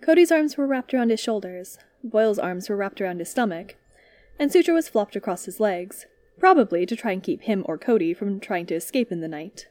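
Calm woman reading a story aloud. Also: medium pitch, fairly quick. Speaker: podfic reader. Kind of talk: reading fan fiction aloud.

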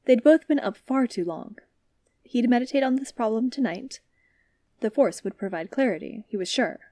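A woman reading a story aloud as narrator, in a calm, steady manner. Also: a little high, moderate pace, no echo.

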